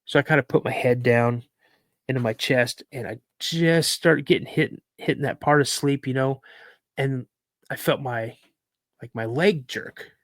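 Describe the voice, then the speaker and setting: A man on a podcast as a guest, recounting a personal encounter as a lively storyteller who repeats words for emphasis. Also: mid-range voice, a little slow, no echo, studio quality.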